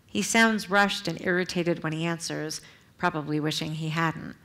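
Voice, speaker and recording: At a public library event, a middle-aged author reads her memoir in a deep, slightly bright voice. She's measured and earnest, pausing for short asides to the audience.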